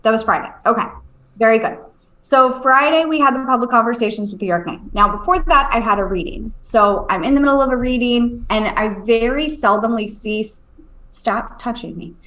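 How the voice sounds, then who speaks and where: A woman, a medium and podcast co-host, telling a story at home in a casual, animated way, swearing and checking in with her listener. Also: a little high, a little fast, low-quality recording. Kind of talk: casual storytelling on a live stream.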